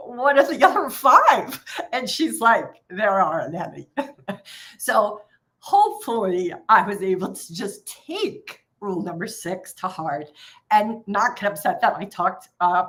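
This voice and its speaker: A woman's voice: medium pitch, a bit bright. A woman trading coach talking to her viewers on a live stream. She laughs often, swears casually and tells a story. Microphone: streaming microphone.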